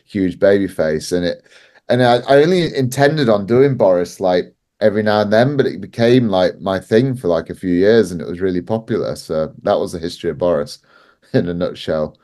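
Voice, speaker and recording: A man's voice: lowish voice, darkish tone. A man telling stories as a podcast guest, chatty, laughing often and filling his speech with "like". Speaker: wrestling promoter guest. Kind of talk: casual podcast storytelling.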